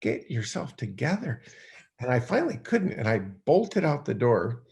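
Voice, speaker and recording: A middle-aged man, a podcast guest, telling a personal story in a rambling, animated way with many restarts. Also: mid-range voice, moderate pace. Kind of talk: storytelling in conversation.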